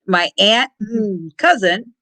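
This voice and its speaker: A woman telling a funny family story in casual chat, lively and laughing. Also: medium pitch, takes it slowly. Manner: lively, laughing, acts out shouted quotes.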